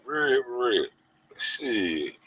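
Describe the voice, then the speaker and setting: A man, ranting loud and profane to his online audience in heavy slang. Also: mid-range voice, very animated, very slow, slightly rough. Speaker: show host. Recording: muffled lo-fi audio.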